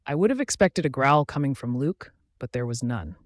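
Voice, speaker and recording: Man, story narrator, first-person reading, steady even pace, mid pitch, dry close sound. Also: moderate pace, no room sound.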